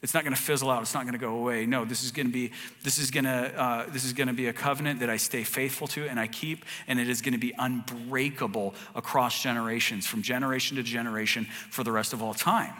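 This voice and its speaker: A pastor preaches a sermon in a large hall, earnest and conversational, often restarting his phrases. His voice is medium-pitched with a sharp tone.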